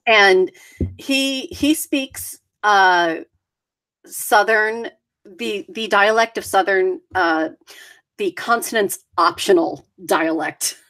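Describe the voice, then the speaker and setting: Slow, chatty woman in casual chat. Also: medium pitch, a bit bright. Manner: chatty, rambling with fillers. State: deaf, hears consonants poorly. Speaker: podcast co-host.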